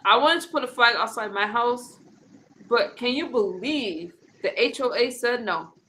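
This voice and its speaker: Woman stream host, bright-toned, rambling casual chat. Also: a little high, lively intonation, unhurried, low-quality recording. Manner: chatty, rambling, frequent restarts. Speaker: host of a political commentary stream.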